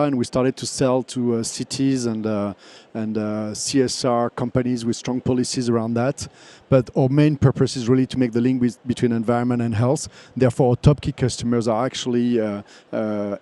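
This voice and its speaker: A startup founder answering a panel question, pausing on many ums and uhs. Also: male voice, mid-range voice, warm tone.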